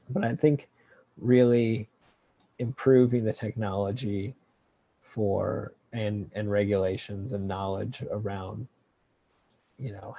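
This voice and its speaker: Researcher guest, male, low mellow voice, talks loosely with lots of ums. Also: gravelly. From California. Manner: relaxed, hesitant, many fillers and restarts. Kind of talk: casual interview answers.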